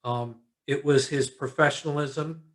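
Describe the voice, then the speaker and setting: A man's voice: fairly high pitch, fairly even intonation, measured pace, fairly bright tone. Tired, easygoing man hosting a call. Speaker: host. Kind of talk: casual video call chat. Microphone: video call.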